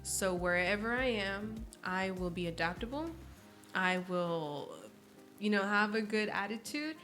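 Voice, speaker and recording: A woman's voice: mid-range voice, lively intonation, a little slow, pushed and bright, faint music behind. A woman in her early twenties, a podcast guest chatting casually and telling stories expressively, acting out quoted voices. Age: early 20s. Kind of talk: casual interview chat.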